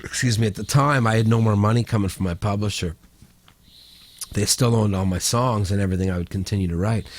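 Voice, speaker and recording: A middle-aged Canadian songwriter telling a story as a podcast guest, rambling, restarting sentences and swearing freely. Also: male voice, lowish voice, fast talker. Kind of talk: casual storytelling.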